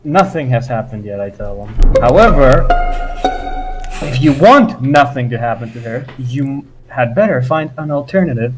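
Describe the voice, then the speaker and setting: A man's voice: medium pitch, lively intonation, normal speed, soft background music, low-quality recording. A man playing a tabletop game, stern and commanding when he speaks as his character. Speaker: player.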